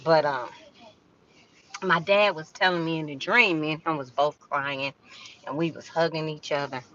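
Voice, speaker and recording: An older woman chatting casually on a livestream, talking straight to her viewers in a slow drawl. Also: low voice, a bit bright, highs cut off, a little hiss or hum. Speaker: live streamer. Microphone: phone.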